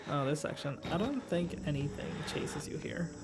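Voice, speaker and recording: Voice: mid-range voice, animated, normal speed, very noisy. A gamer giving let's play commentary, chatty and giggly, talking to viewers.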